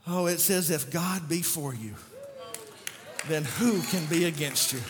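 A male pastor preaching a sermon, animated and sometimes shouting, sometimes conversational. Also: a little high, a little slow, long reverb tail, background noise.

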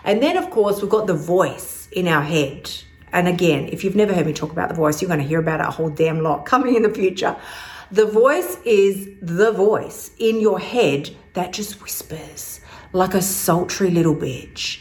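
A woman hosting a casual podcast monologue, talking in an energetic, blunt and cheeky way and swearing freely. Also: lowish voice, normal speed. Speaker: host, weight-loss coach.

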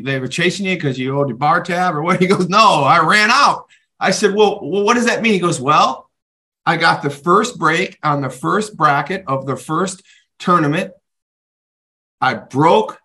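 An animated male storyteller with a high, bright voice, hosting a podcast. He tells a story at a quick clip and plays out both sides of the conversation. His tone is forceful and ringing. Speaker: podcast host and author. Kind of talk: storytelling to a co-host.

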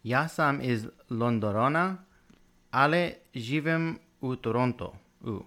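A man's voice: medium pitch, takes it slowly, a bit bright. Good-humored man repeating phrases. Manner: good-humored, tries hard, stumbles on new words. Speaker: podcast co-host learning Croatian. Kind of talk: casual chat, repeating phrases.

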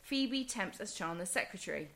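A woman's voice: medium pitch, animated, normal speed, fairly bright tone. A woman with a Southern English accent co-hosting a podcast in chatty, casual talk. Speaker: podcast co-host. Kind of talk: casual chat.

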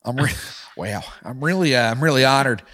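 A man impersonating a folksy older male former president who speaks softly and haltingly. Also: medium pitch, animated, slight background noise, close to an everyday voice. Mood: bashful. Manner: soft, halting, chuckling.

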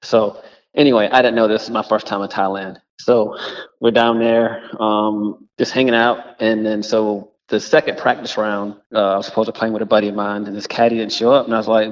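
A man who is a professional golfer, telling a story haltingly with many pauses. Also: lowish voice, little pitch movement, in a large hall, dull audio. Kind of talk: casual recorded storytelling.

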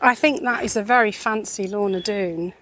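A woman's voice: medium pitch, moderate pace, fairly bright tone. Woman chatting on a drive, exclaims at everything, bit of car noise. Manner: chatty, jokey, exclaiming at sights. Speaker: podcast co-host. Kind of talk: casual chat on a drive.

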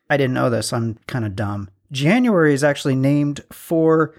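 A man's voice: medium pitch, animated, normal speed, hardly any pauses, a little mellow. A man co-hosting a podcast in casual chat, reading out trivia with self-deprecating jokes. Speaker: podcast co-host.

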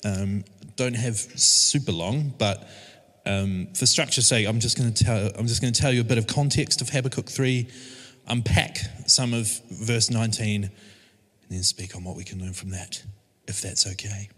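A man's voice: fairly low pitch, fairly even intonation, moderate pace, a bit bright, husky. Hesitant man preaching in a reverberant church. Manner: casual, hesitant, many fillers and restarts. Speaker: church team member preaching. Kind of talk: informal sermon. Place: church service room. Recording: long reverb of a church hall.

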